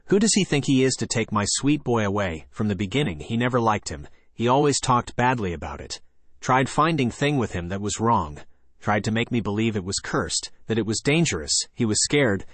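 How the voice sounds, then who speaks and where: A man's voice: medium pitch, no room sound. Man reading a first-person horror story.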